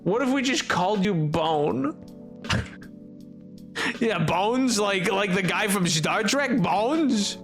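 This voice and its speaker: A man's voice: high-pitched, lively intonation, slow, long pauses, fairly bright tone, soft background music. A man streaming a game, chatting casually with his viewers in a rambling, joking way. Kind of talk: casual livestream chat while gaming.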